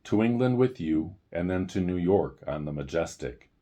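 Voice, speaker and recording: A man's voice: sits low, expressive, normal speed, warm tone. A man reading aloud as a polite, earnest teenage boy in a storybook.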